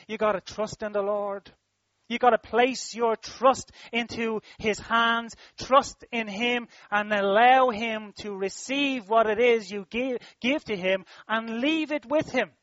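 A man's voice: extremely high pitch, unhurried, a bit bright, dry recording, muffled recording. A man preaching a sermon, emphatic and repetitive, with rhythmic phrasing that swells and drops.

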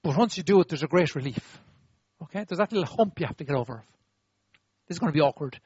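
High-voiced animated preacher, dry sound. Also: male voice, fast talker, breathy edge, dry recording, highs cut off. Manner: animated, demonstrative, acts out apologies, asks the audience to repeat. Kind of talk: sermon.

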